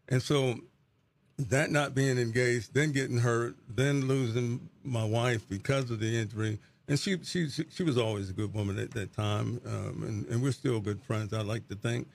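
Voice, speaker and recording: Middle-aged male pastor guest, gravelly and earnest, reflective testimony delivery. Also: medium pitch, fairly even intonation, normal speed. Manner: earnest, repeats words as he searches for them.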